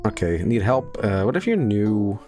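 A man's voice: fairly low pitch, big pitch swings, normal speed, mellow, faint music behind. A man from Sweden streaming a game, joking and riffing in casual commentary.

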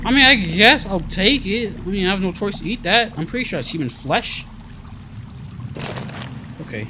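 A man commenting on his own horror game play, jumpy and foul-mouthed, talking to himself and shouting when scared. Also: sits high, expressive, moderate pace, background noise. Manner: jumpy, profane, talks to himself. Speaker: gamer.

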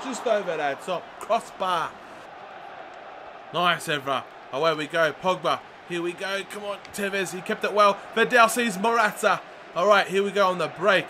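A young man commenting live on his football video game, chatty and excitable, shouting at the big moments. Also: high-pitched, moderate pace, slight background noise. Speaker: gaming video host.

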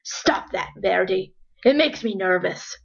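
A woman's voice: on the high side, normal speed, fairly bright tone, lightly acted. Woman as cranky nagging old snake, storybook, muffled lo-fi sound. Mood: irritated. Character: fussy older male python, easily irritated. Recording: dull lo-fi recording.

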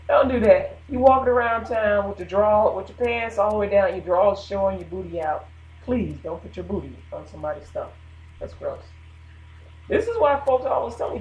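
A woman's voice: medium pitch, a little mellow, echoey room, poor audio. A woman hosting a radio show, talking casually about faith and laughing between her points. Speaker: radio host.

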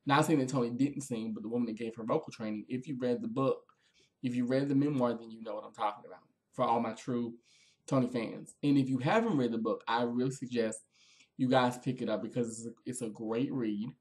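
Male vlogger, casual review delivery, animated and conversational, mid-range voice. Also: mid-range voice, fairly quick. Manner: chatty and expressive, with frequent fillers.

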